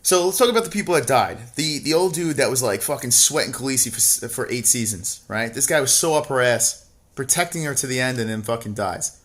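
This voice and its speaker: A man co-hosting a livestream reads viewer chat aloud and answers off the cuff, swearing almost constantly and sliding from mocking asides into loud, exasperated rants. His voice is an ordinary middle pitch for a man, expressive and fairly quick.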